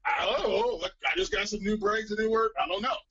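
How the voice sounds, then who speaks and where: A man casually telling a story on a live stream, profane and animated, acting out the voices of other people. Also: high-pitched, fast talker, dull audio, a little hiss or hum.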